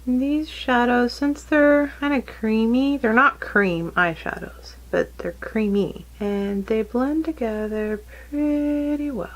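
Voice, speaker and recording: A makeup vlogger with a Texan accent chats her way through a tutorial indoors at home, self-deprecating and talkative, and slips into baby talk with her cat. Her voice is on the high side, slow, with hardly any pauses, captured in lo-fi sound.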